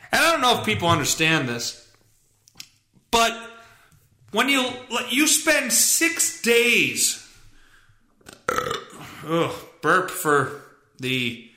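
A man hosting his podcast, ranting casually with lots of profanity and bursts of exasperated shouting. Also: on the high side, reverberant. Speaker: podcast host.

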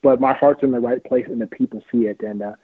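A man's voice: mid-range voice, steady tone, fast. A man being interviewed as a street outreach worker, talking in a fervent, preachy way, repeating his points and laughing often. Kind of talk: preachy, emphatic interview talk. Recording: phone-line audio.

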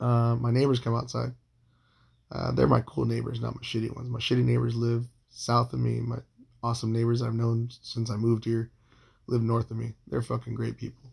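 A young man telling a long personal story in a casual, rambling way, swearing constantly and filling pauses with um and like. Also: medium pitch, completely flat delivery, gravelly, a little mellow, breathy edge. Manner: profane, rambling, heavy filler words.

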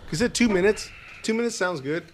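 A man's voice: high voice, lively intonation, fairly quick, faint music behind. A man co-hosting a casual podcast chat, making wisecracks and swearing. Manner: wisecracking, profane. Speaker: podcast co-host. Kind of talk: casual chat among friends.

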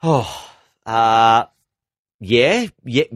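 A man's voice: mid-range voice, animated, drawn-out words, no echo, clean studio sound. An Australian man, a radio presenter, answering interview questions with lots of energy, repeating words and restarting sentences. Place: radio station office.

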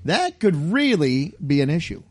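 A man's voice: a little high, sing-song, normal speed, no echo. A man hosting a casual podcast chat, joking and laughing often. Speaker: podcast host.

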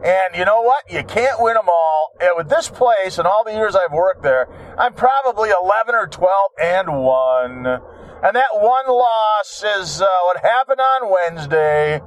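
An older man in his sixties talks through his own troubles with a high, animated voice that climbs and drops widely. He swears freely and mocks himself with a wry streak. The sound is dry and close. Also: unhurried, no room sound. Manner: profane, wry, self-mocking storytelling. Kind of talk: rambling personal monologue.

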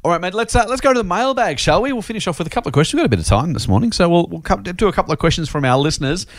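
A man's voice: sits high, very animated, very fast, no echo. A man co-hosting a casual investing podcast. He is chatty and self-deprecating and often repeats his words. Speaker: podcast co-host.

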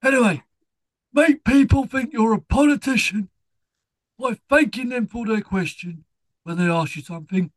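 A man voicing a chirpy character who hands out silly tips in a high, giggly put-on voice. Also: moderate pace, no echo, rough recording.

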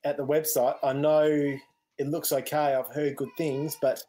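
A man's voice: fairly high pitch, flat delivery, moderate pace, warm tone. An Australian man co-hosting a gaming podcast, talking in an easygoing, rambling way and readily agreeing with his co-host. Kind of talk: casual chat.

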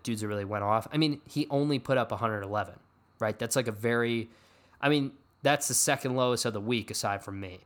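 A man's voice: mid-range voice, a bit bright. A man hosting a casual sports podcast, rambling and self-deprecating with running jokes. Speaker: podcast host.

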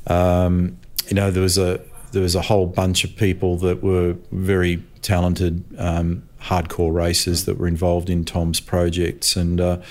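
Low-pitched, a little mellow, slightly slow, and completely flat in delivery, an older Australian man recounts motorsport anecdotes. The commentator is an interview guest, chatty and laughing, and he acts out the voices in his stories.

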